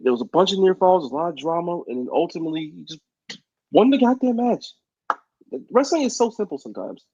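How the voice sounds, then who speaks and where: A man's voice: high-pitched, big pitch swings, a little fast, mellow, breathy edge, dry recording. Hyped guy on a podcast, voice bouncing all over, kinda muffled dry mic. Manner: enthusiastic, emphatic. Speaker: podcast co-host. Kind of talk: casual wrestling podcast chat. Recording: dull lo-fi mic.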